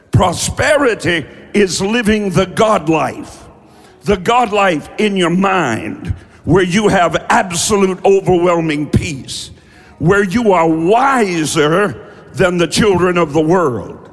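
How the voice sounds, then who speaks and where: High-voiced slow preaching man. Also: animated, big-room sound. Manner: preaching with call-and-response shouts. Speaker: pastor. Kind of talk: sermon.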